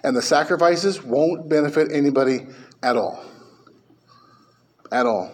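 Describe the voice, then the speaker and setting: A man preaching a sermon as pastor, emphatic, with his pitch and volume rising and falling. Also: measured pace.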